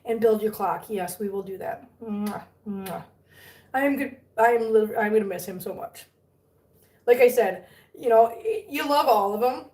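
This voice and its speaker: A woman's voice: a little high, moderate pace, darkish tone. Cooing woman in an echoey room. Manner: cooing baby talk to cats between chatty updates. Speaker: cat rescue livestream host. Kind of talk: casual livestream chat. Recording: echoey room, far from mic.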